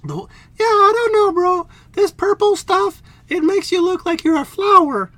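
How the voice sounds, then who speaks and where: A man voicing a haughty young princess in a shrill, shrieking voice. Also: moderate pace, sharp tone, dry recording, heavily acted. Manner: shrieking, indignant.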